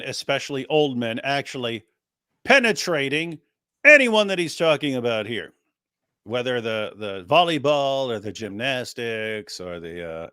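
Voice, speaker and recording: A man's voice: medium pitch, bright, forceful tone, dry recording, clean studio sound. A man joining a casual online panel as a guest, with a mocking, emphatic way of talking.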